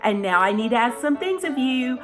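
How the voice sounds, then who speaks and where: A woman reading a picture book aloud to children, animated and expressive. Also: fairly high pitch, fairly quick, over loud music. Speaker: storytime reader.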